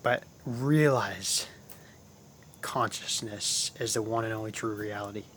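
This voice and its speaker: A man's voice: fairly low pitch, unhurried, a bit bright, a little hiss or hum. A man hosting his own channel, talking casually and at length about spiritual ideas, often repeating himself and calling his viewers guys. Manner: rambling, repeats phrases, addresses viewers as guys.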